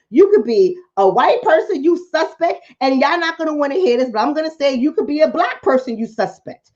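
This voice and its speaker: A woman's voice: sits high, dull audio. A woman vlogger and coach giving impassioned commentary to her viewers, preaching, repeating lines for emphasis and calling them family.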